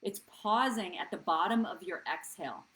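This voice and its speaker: A woman's voice: on the low side, expressive, normal speed, a bit bright, poor audio. Earnest woman hosting a wellness stream. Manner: earnest, coaching, often asks "right?". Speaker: wellness show host. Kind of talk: live-stream talk to viewers.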